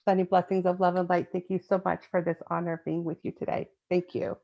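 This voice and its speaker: A chatty woman with a fairly low voice, talking loosely as an interview guest and packing her sentences with fillers. Her sound is a little dull and lo-fi. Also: little pitch movement, quick pace, gravelly. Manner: chatty, many fillers, laughs often. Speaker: guest, children's book author. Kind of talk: casual interview chat.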